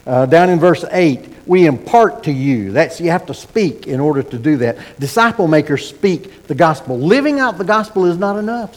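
A middle-aged pastor preaching in a folksy, animated way, full of asides and false starts. His voice sits fairly high for a man. The sermon rings with a long reverb from a church sanctuary. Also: husky.

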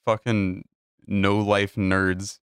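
A man's voice: fairly low pitch, level tone, drawn-out words, clear, resonant tone, no echo, clean studio sound. A man hosting a casual podcast chat with friends, rambling and swearing freely. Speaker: podcast host.

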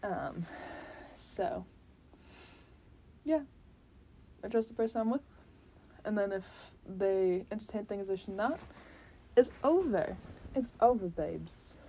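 A young woman vlogging casually, sassy and animated, with lots of fillers and restarts, sweaty after being active. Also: medium pitch, slow, long pauses, a little hiss or hum. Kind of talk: casual talking-to-camera rant.

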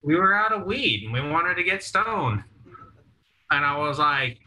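A man's voice: a little high, measured pace, low-quality recording. A young man casually telling crude, laughing stories to friends on a podcast. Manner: crude, laughing, animated storyteller. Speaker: podcast co-host. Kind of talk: casual storytelling chat.

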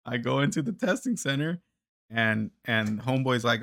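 A man's voice: medium pitch, animated, a little fast, gravelly, a bit bright, no echo. A man telling a story in casual podcast chat, swearing a lot, stammering on repeated words and laughing. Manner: profane, laughing, many restarts and stammers.

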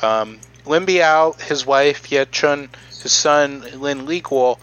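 Halting young man telling history. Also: on the high side, fairly bright tone, clean tone, lo-fi sound. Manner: halting, many "um" and "like" fillers. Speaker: podcast co-host presenting the history. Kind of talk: casual podcast chat, recounting history.

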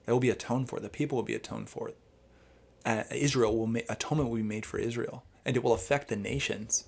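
A man explaining scripture in a rambling, animated podcast conversation, quoting Hebrew phrases as he goes. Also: mid-range voice, fast talker, gravelly, slightly rough. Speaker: Bible teacher.

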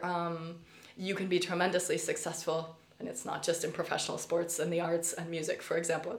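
A woman's voice: on the low side, echoey room. A middle-aged woman professor talking her students through a recorded lecture, conversational and thoughtful, with many fillers and restarts. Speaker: college professor.

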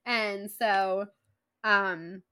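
A woman co-hosting a casual podcast about books and movies, animated, laughing often and slipping into playful impressions. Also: mid-range voice, drawn-out words, clean tone, dry recording. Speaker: podcast co-host.

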